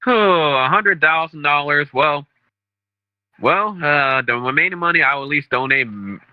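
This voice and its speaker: A man's voice: a little high, moderate pace, clear, resonant tone, no room sound, lo-fi sound. A man in his twenties, a game show contestant, speaking hesitantly with many restarts. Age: 20s.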